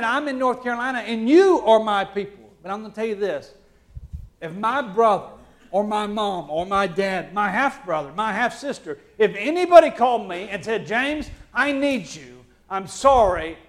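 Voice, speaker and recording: Male pastor, Alabama drawl, high-pitched, dynamic sermon delivery with big swings in volume. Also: lively intonation, moderate pace. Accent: Southern US, Alabama. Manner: swings between loud preaching and hushed, low asides.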